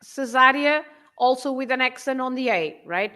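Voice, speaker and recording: A woman's voice: sits high, animated, normal speed, bright, forceful tone. A woman whose first language is Portuguese, patiently explaining grammar step by step as a language teacher. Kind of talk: casual language lesson.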